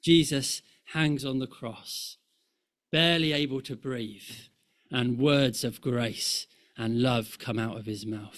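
A man preaching a sermon, rhythmic and impassioned, rising in force and falling to a hush. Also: mid-range voice. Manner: slow, rhythmic, swelling and dropping to near-hush.

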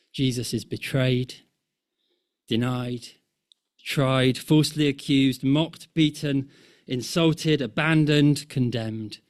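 A man preaching a sermon, rhythmic and impassioned, rising in force and falling to a hush. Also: mid-range voice. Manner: slow, rhythmic, swelling and dropping to near-hush.

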